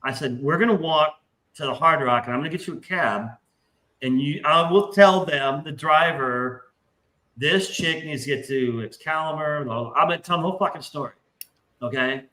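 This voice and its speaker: A man telling a long anecdote in casual podcast talk, profane and animated, acting out the voices in his story. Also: a little high, normal speed, poor audio.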